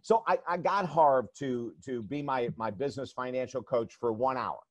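In an interview, a man who works as a life coach tells energetic, emphatic stories, often repeating words at the start of his sentences. His voice is mid-range and moderately paced, and the recording is dry and muffled.

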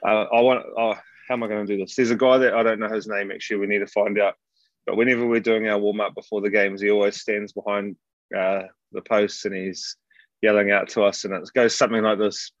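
Relaxed New Zealand man, fairly low voice, dull dry lo-fi sound. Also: dry recording. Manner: easygoing, says "mate" often, halting fillers. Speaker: guest rugby player. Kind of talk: casual interview chat.

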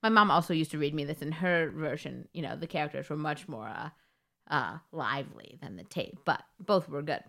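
A woman's voice: low-pitched, animated, fairly quick, creaky, bright, forceful tone. A woman co-hosting a podcast, telling a story in a rambling, giggly, casual way. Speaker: podcast co-host. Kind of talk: casual chat.

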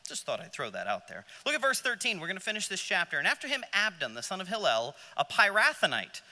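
A man's voice: high voice, huge pitch swings, fast, sharp tone, long reverb tail. A man teaching a Sunday school Bible class, joking aside and asking the class questions as he reads. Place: church classroom.

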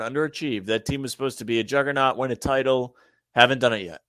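A man's voice: medium pitch, quick pace, no room sound. Sports podcast guy, gets fired up, repeats stuff, dry close sound. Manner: animated, emphatic, repeats himself for effect. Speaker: podcast co-host. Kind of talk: casual sports chat.

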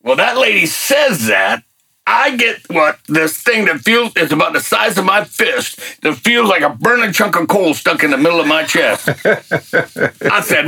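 Gravelly, husky older man telling a story. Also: high voice, moderate pace. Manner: folksy and animated, with colloquial grammar. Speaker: guest telling a testimony. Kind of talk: casual storytelling.

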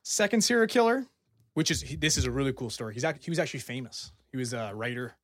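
A man on a casual podcast, eager to tell a spooky story and swearing along the way. His voice sits mid-pitch, recorded dry and close with no room sound. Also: expressive, quick pace, no echo. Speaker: podcast host presenting research.

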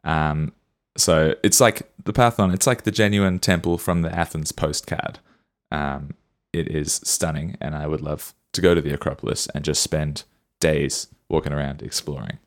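Very deep-voiced man, playful podcast chat. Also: fairly even intonation, moderate pace, few pauses. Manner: playful, jokey asides. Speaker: podcast co-host. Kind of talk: casual chat.

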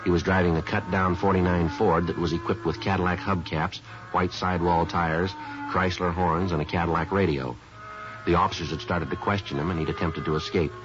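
A clipped, no-nonsense police detective, played by a man, reports his case in a very deep voice at a brisk clip. Music plays clearly behind him on a dull, lo-fi old radio recording. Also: fairly even intonation, lightly acted. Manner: clipped, matter-of-fact delivery. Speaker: narrator and lead detective. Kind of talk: 1950s radio crime drama.

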